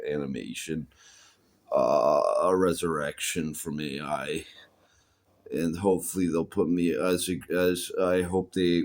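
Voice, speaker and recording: A man with an extremely low, gravelly voice talks in a rambling personal monologue. He stops and restarts a lot, repeats words and swears freely. His voice has a rough creak running through it. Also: a little mellow. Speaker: vlogger.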